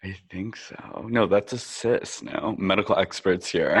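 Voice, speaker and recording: A man's voice: low voice, unhurried, husky. A man co-hosting a podcast, chatting loosely about a reality show, laughing often and swearing casually. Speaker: podcast co-host.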